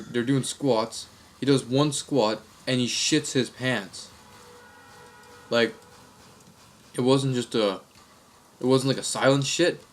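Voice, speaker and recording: A young man tells stories from his life to the camera in a loose, rambling way with plenty of crude slang. His voice sits at a middling pitch for a man. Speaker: vlogger. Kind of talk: casual comic storytelling.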